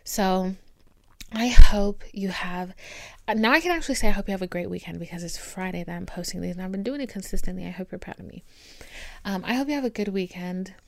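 A woman hosting her own podcast alone at home, talking candidly and swearing freely, with warm pep-talk asides to her listeners. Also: medium pitch, brisk, gravelly, no room sound. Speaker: podcast host. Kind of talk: casual solo podcast monologue. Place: indoors at home with her dog. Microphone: camera recording.

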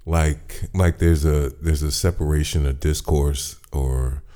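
A man's voice: extremely low pitch, steady tone, measured pace, mellow. An American man hosting a podcast, talking in a laid-back, personable way in a casual interview chat. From United States. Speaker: podcast host.

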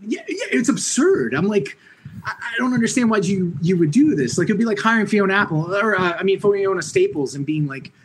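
A man from Orange County, New York, a comic writer chatting casually, animated, laughing often and swearing freely. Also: sits high, brisk, noisy background. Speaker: comic book writer guest. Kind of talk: casual podcast conversation.

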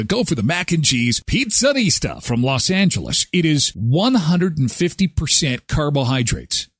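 A man's voice: mid-range voice, no room sound, clean studio sound. A man hosting a live daily show in casual chat, reacting with exclamations and jokes. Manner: animated, exclaiming and joking.

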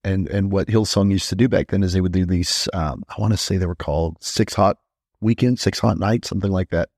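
Brief: male pastor-host, deep voice, emphatic repetition, dry booth sound. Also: fairly even intonation, darkish tone, dry recording. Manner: emphatic, repeats phrases for effect; frequent quick restarts and stammers. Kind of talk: conversational teaching podcast.

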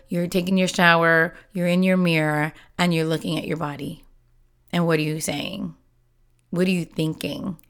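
A woman with a lowish voice talking about self-awareness in a casual, motivational way. She speaks candidly and warmly personal, with lots of "you know" fillers as she works through her thoughts.

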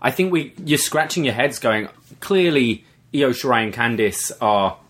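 A man's voice: mid-range voice, animated, normal speed, fairly bright tone. A man co-hosting a podcast, giving his opinions on wrestling storylines in a casual, thinking-aloud way. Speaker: podcast co-host.

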